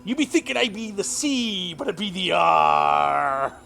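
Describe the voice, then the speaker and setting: A man's voice: high-pitched, big pitch swings, vocal fry, pushed and bright, faint music behind, voice pushed up, full character voice. A man putting on a jolly joke-telling pirate. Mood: hearty. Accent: put-on pirate accent. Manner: hearty, drawn-out pirate slang. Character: jovial male pirate who loves bad jokes.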